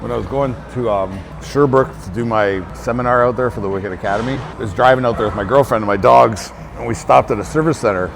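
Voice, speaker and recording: A man's voice: medium pitch, fast talker, creaky, few pauses, noisy background. A man hosting his own channel, telling a rambling, profane story to camera with lots of filler words. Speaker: fitness trainer and channel host.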